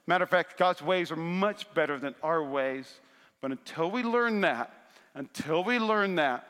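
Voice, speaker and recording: A man's voice: on the high side, fairly bright tone, clean tone. A male pastor preaching a sermon, calling out to the congregation for responses and rising in bursts of intensity. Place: large church sanctuary. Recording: long church hall reverb.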